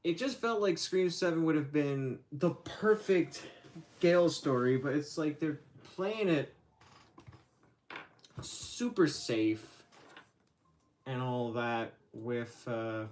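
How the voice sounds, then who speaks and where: Man, livestream host, unhurried, hesitant, rambling, full of fillers. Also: fairly high pitch, a little mellow, slight background noise. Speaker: channel host. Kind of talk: casual livestream chat.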